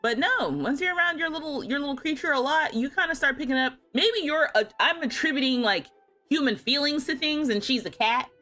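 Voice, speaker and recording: A woman in her thirties chats casually on a livestream, telling a funny story and often laughing. Her voice is bright and animated, rising and falling freely. Faint music plays in the background. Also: sits high, brisk. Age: 30s. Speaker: streamer.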